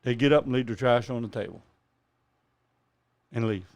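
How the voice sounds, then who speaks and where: A man's voice: mid-range voice, moderate pace, darkish tone. Laid-back man with dry humor. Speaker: co-host. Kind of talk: casual chat.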